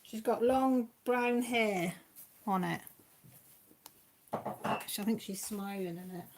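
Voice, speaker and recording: A woman's voice: mid-range voice, slow, noisy background. Chatty woman hosting a live stream. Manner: chatty, rambling, talks to viewers by name. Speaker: crafting live stream host. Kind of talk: casual live chat.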